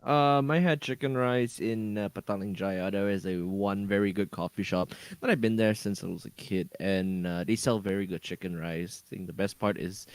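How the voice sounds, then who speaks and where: A man on a podcast as guest, talking in casual chat, flustered and laughing often, his voice jumping up high. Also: fairly even intonation, moderate pace, hardly any pauses, smooth, dry recording.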